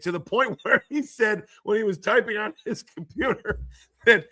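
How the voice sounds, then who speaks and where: A man hosts a live stream about football news, his voice hoarse from screaming. He sounds bright and a touch high for a man, excitable and quick to laugh as he reacts to the chat. The sound is close and dry, with no room around it. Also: no room sound. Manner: excitable, laughs often, reads chat aloud.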